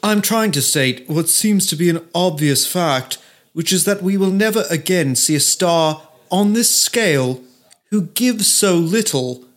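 Pompous posh British journalist, as a podcast host puts him on in a mock upper-class British accent. The voice sits a bit high for a man, reading in a lofty, self-satisfied way. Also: expressive, measured pace.

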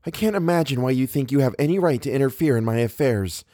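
A man's voice: medium pitch, animated, fast, warm tone, no echo, clean studio sound, pitched above the performer's own voice, natural voice. A man reading a novel aloud, voicing a proud and hurt young woman who speaks in a tight, formal, defensive way. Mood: stiff.

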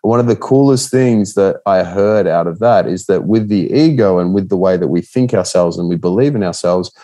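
A man's voice: on the low side, dark tone. A man hosting a casual podcast chat, asking curious follow-up questions and sharing his own reading and experiences.

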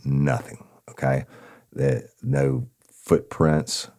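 A man's voice: a bass voice, extremely slow, vocal fry. A man, a podcast host and former detective, telling a crime story casually, acting out the dialogue and calling his listeners y'all. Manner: animated retelling with quoted dialogue, addresses listeners as y'all.

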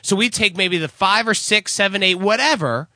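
Man, high and lively voice, excitable and rambling podcast co-host, dry close sound. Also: normal speed, no room sound. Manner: excitable, rambling, stammering pitchman. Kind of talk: casual podcast banter.

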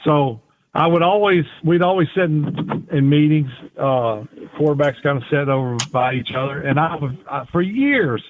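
A man's voice: on the high side, expressive, moderate pace, a little hiss or hum. A man, a former quarterback, telling rambling, folksy stories with many restarts as a podcast guest. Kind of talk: casual interview storytelling. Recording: tinny phone-like audio.

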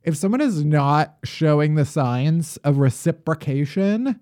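A woman co-hosting a podcast spins wry, profane anecdotes in casual chat. Her pitch swings widely, giving her talk a lively, animated lilt. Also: measured pace. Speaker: podcast co-host.

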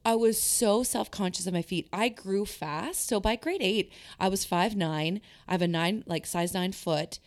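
A woman's voice: mid-range voice, measured pace, hardly any pauses, dry recording. A middle-aged woman talks casually, with a mid-range voice. She is chatty and self-deprecating and laughs often. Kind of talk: casual chat.

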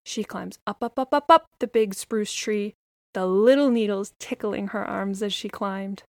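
A woman narrating a children's story in a gentle, expressive way. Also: mid-range voice, a little slow, dry recording, clean studio sound, faint music behind.

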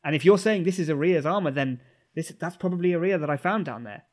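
A man plays his character in a tabletop game with a somewhat high voice. He speaks earnestly and in character, explaining what he found. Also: fast. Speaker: player.

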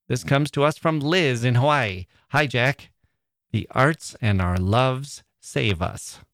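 A man's voice: fairly low pitch, no echo, studio quality. A man hosting a literature podcast in a reflective, wry, conversational way, chuckling now and then. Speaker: podcast host.

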